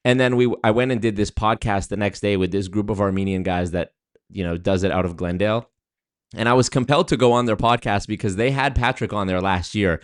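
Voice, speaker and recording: A man hosting his show, casually telling a story and acting out what others said. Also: mid-range voice. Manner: animated retelling with quoted voices. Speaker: host.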